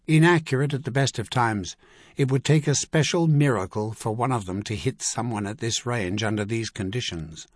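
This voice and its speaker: A man reading an adventure novel aloud as narrator, measured and vivid. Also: mid-range voice, no echo, clean studio sound. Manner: measured, vivid storytelling with acted dialogue. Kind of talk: scripted audiobook narration.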